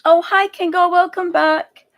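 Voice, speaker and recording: Chatty woman with a gravelly voice. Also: very high voice, little pitch movement, a little slow, highs cut off. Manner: chatty and giggly, rambling. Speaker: digital artist streamer. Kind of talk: casual chat while drawing live.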